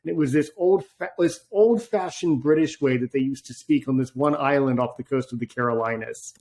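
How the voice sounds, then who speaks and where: A podcast host with a mid-range, darkish voice talks fairly quickly in a casual interview chat. He rambles and drifts off on tangents.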